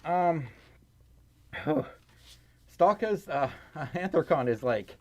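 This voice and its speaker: Excitable, breathless young man streaming. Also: a little high, extremely slow. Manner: excitable, breathless, giggly, rambling. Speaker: livestreamer reading donations. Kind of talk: casual livestream chat. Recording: slightly dull lo-fi stream audio.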